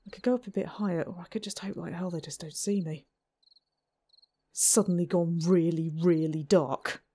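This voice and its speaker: A woman's voice: on the low side, steady tone, moderate pace, mellow, husky. A woman hosting a let's play, commenting on her own game in a chatty, self-mocking way with frequent giggles. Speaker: gaming channel host.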